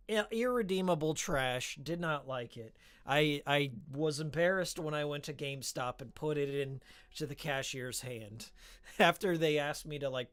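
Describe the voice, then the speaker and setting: A man's voice: a little high, fairly bright tone, clean tone. Rambling, filler-heavy male streamer. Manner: rambling, filler-heavy, stumbles and repeats words; chats with viewers reading the chat. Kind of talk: casual live-stream chat about games.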